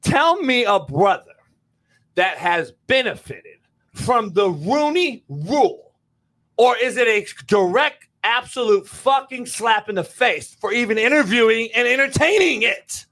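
A sports talk host with a strikingly high voice argues loudly and combatively, cursing as he presses his point. His tone is bright and forceful, cutting through the heated debate. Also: animated, a little slow. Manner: loud, combative, swears often.

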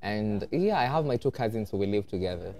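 A young Kenyan man speaks in a fairly low voice as a talk show guest. He is easygoing and quick to giggle, and he drifts between English and Swahili in a relaxed, chatty way. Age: young adult. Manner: laid-back, giggly, mixing English and Swahili. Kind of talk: casual interview chat.

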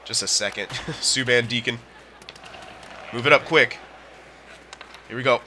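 A young man giving excited commentary over his own gameplay, shouting at plays and muttering between them. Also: medium pitch, a little slow, slight background noise. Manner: yells and groans at the game, then mutters to himself. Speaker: gaming commentator.

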